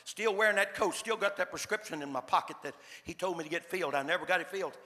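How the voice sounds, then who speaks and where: An older man with a drawl tells a sermon story in a folksy, repetitive way, stumbling over his restarts. His voice sits high and bright with a gravelly edge. It echoes with a long reverb, as if he were in a large church hall. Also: quick pace. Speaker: preacher.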